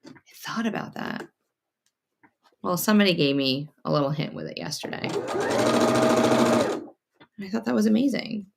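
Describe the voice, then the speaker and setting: A woman's voice: medium pitch, expressive, normal speed, gravelly, pauses often. A woman, hosting a casual quilting livestream from her home sewing room and chatting to viewers. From North Carolina. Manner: chatty, reads viewer comments aloud. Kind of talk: casual chat while sewing. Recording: faint sewing machine noise.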